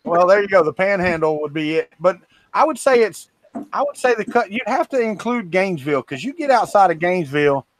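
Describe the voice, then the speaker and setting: A man's voice: high-pitched, animated, a little fast, slight background noise. A man from Florida with a Southern accent, co-hosting a livestream in casual, teasing, rambling chat. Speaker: co-host of a livestream.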